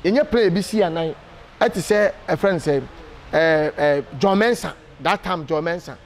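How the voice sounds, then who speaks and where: A Ghanaian man with a high voice talks in an animated, emphatic way, stopping often on hesitation fillers. He is the guest in a casual interview. A faint hum of ambience sits behind him. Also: normal speed.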